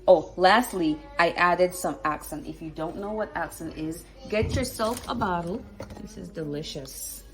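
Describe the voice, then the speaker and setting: A woman's voice: lowish voice, a little slow, low-quality recording. A woman talking viewers through a recipe in her home kitchen, casual and chatty, with approving hums as she goes. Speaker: home cook and vlogger. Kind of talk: casual cooking demonstration.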